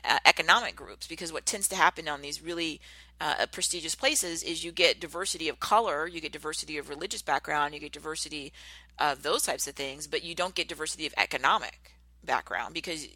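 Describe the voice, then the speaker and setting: Earnest woman with a bright, lowish voice. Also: fairly quick, creaky, no echo. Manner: earnest, rambling, many fillers and restarts. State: tearing up, emotional. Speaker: podcast host. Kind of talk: casual monologue.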